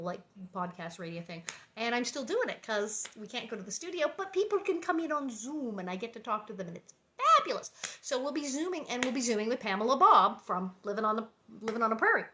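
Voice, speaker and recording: A middle-aged actress reading a children's book aloud to viewers, then chatting casually and animatedly with many fillers. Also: female voice, fairly high pitch, bright, forceful tone. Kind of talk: storybook reading and casual chat.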